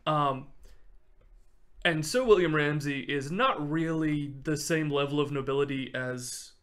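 A man hosting a podcast, telling a history story in an animated, casual way and laughing often. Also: a little high, a little slow. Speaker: podcast host.

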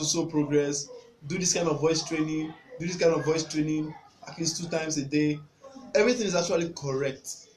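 A young man gives a casual spoken music lesson, earnest and repeating his points, sometimes singing short examples. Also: on the high side. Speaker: music tutor. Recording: echoey room with faint hum.

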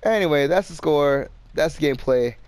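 A man's voice: fairly high pitch, lively intonation, normal speed, darkish tone, smooth, dry recording. A young man giving casual, exasperated commentary over a game he is playing, swearing often and talking to himself and the game. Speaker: gameplay streamer.

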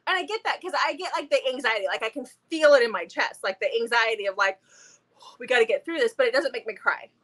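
A woman's voice: fairly high pitch, lively intonation, brisk, a bit bright. A woman in her thirties, co-host of a book channel, chatting casually and enthusiastically about books. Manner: enthusiastic, talkative, laughs often.

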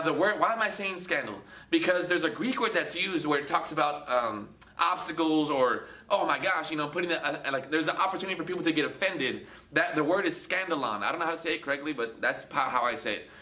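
A man with a fairly high-pitched voice hosts a Christian video channel, preaching casually and animatedly to the camera. He acts out quoted voices and often repeats words, and the sound is reverberant.

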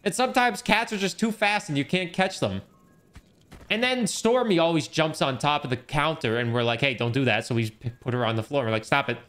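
Fairly quick, with a fairly high and bright voice, a young gaming streamer rambles and jokes casually as he plays, cursing without restraint.

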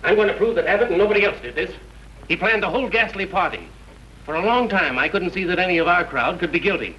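A quick, bright-voiced amateur sleuth who fires out accusations at high speed. The sound is a dull, hissy 1930s film soundtrack. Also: male voice. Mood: urgent. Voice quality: urgent, accusing, rapid. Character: sharp-witted young man exposing the killer.

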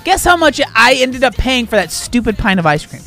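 A man hosting a casual vlog, ranting in an exasperated, animated way and tossing in "dude" and "bro". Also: extremely high pitch, a little fast, faint music behind. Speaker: food vlogger host.

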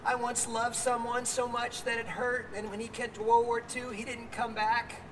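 A man voicing a frail elderly woman in a nursing home, croaky and soft, in a sermon outdoors. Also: fairly high pitch, flat delivery, normal speed, recorded from a distance, background noise, voice pushed up, natural voice. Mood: wistful.

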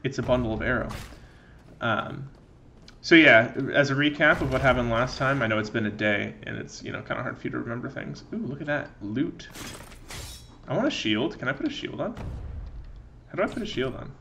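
A man's voice: mid-range voice, animated, a little fast, creaky, pauses often, a bit bright, dull audio, slight background noise. A young man giving rambling, sarcastic, profane commentary while playing a video game. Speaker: let's play gamer. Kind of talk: casual gameplay commentary.

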